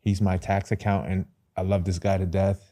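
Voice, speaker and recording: A man's voice: low-pitched, moderate pace, crowd noise. Laughing New man hosting a chat. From Brooklyn, New York. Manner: animated, laughs often, slangy. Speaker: podcast host. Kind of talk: casual interview chat.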